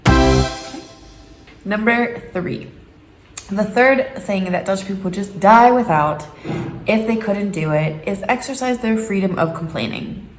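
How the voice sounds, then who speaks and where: A woman's voice: medium pitch, unhurried, over music. A woman in her thirties, hosting a casual, joking home vlog and putting on exaggerated voices when she quotes people. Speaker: vlogger. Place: home room. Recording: echoey room with faint background noise.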